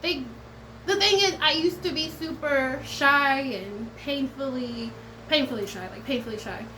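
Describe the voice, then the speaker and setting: A woman's voice: high voice, measured pace, bright, forceful tone, slight background noise, rough recording. A woman tarot reader talking straight to her viewers in a casual vlog, blunt and profane, swinging between defiance and tenderness and close to tears at times.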